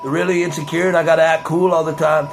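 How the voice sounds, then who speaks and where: A man's voice: a little high, flat delivery, fast, vocal fry, faint music behind, rough recording. Laid-back young man, rambling vlog chat.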